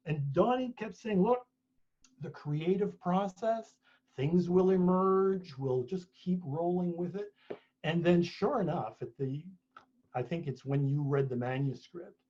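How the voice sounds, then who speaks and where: A husky, somewhat high-voiced man spins an anecdote in a loose, chatty way, often restarting his sentences. The sound is dull and lo-fi, like an online talk. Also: mellow. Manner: chatty storyteller, many restarts. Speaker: author and speaker. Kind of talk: conversational talk at a book launch.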